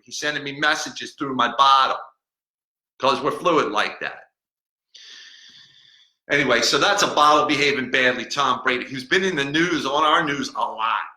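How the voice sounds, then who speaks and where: A man's voice: fairly high pitch, pushed and bright. A man playing a cranky, boastful talking bottle. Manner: rambling, mocking, stumbles over words. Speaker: podcast host. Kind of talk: comedic podcast rant. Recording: echoey room.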